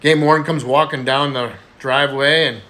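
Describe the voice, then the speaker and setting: A man's voice: mid-range voice, fairly even intonation, moderate pace, pushed and bright. A man telling a string of jokes, voicing the characters and laughing at his own punchlines. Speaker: joke teller.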